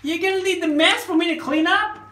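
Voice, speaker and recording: A woman's voice: extremely high pitch, a little fast, sharp tone. A woman filming her child open packages, teasing and lightly scolding in casual family chat. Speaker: parent filming a child's unboxing. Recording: echoey room with background noise.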